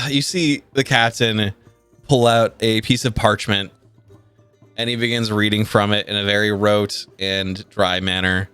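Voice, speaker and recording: A man's voice: lowish voice, steady tone, measured pace, sharp tone, smooth, no echo, soft background music. A man narrating as game master of a tabletop game, rambling with many fillers, cursing and laughing along.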